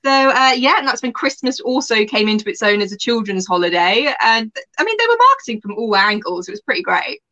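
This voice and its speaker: Woman co-host, jokey and giggly, crisp bright tone, lo-fi sound. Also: fairly high pitch, sing-song, fairly quick, hardly any pauses. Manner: giggly, playful, jokey asides. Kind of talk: casual comedic podcast chat. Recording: muffled lo-fi audio.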